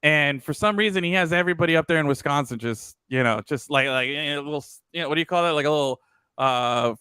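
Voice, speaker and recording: A man with a bright, crisp voice talks football in a loose, rambling way, swearing freely. The sound is dry and close. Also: on the high side, fast talker, dry recording. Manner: loose and profane, rambling with fillers. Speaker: podcast co-host. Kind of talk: casual sports talk.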